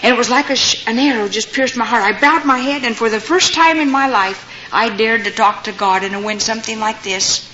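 A woman's voice: on the high side, a little fast, few pauses, bright, forceful tone. An older woman giving a personal testimony to an audience, telling stories and acting out the voices of the people in them. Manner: storytelling, acting out quoted voices. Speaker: speaker giving her testimony. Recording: dull lo-fi recording with faint noise.

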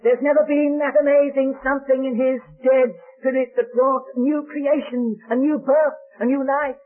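A man preaching a sermon with dramatic storytelling and slow, emphatic stresses. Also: very high voice, level tone. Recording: tinny old lo-fi recording.

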